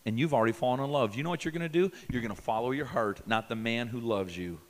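A man's voice: medium pitch, quick pace. Emphatic male preacher in a reverberant hall. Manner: emphatic, questioning the audience, swinging from loud to hushed. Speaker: youth camp preacher. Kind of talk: sermon.

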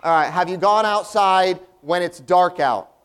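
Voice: mid-range voice, a little slow, clear, resonant tone. A performer playing the earnest straight man in a comedy routine, patiently explaining things with stammering restarts.

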